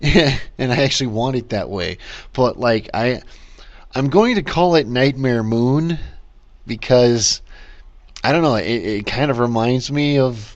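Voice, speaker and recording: A man's voice: mid-range voice, unhurried, lo-fi sound. A man hosting a casual solo podcast rant, rambling with lots of fillers, restarts and swearing, wired on caffeine. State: caffeinated, talking fast. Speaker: podcast host.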